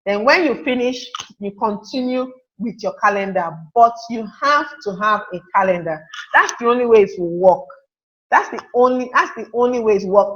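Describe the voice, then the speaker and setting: A woman's voice: on the high side, normal speed, fairly bright tone, highs cut off. A woman teaching a live online class, chatty, reading out and answering viewer comments. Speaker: webinar teacher.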